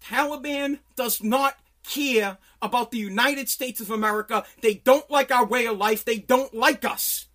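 A man hosting a podcast from his home basement, delivering an angry, profane political rant that bursts into shouting. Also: very high voice, a little slow, hardly any pauses. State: sweating. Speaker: podcast host.

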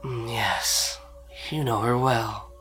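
A man voicing a prim, proper, menacing captain made of a dark mass, speaking in soft purring threats. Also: mid-range voice, fairly even intonation, takes it slowly, faint music behind.

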